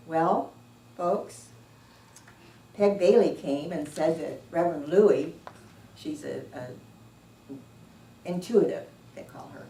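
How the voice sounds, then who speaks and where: Woman church speaker, low-pitched and very slow; distant mic in an echoey hall with faint background noise. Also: dark tone. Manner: unhurried, anecdotal, often chuckling. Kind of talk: informal sermon. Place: church sanctuary.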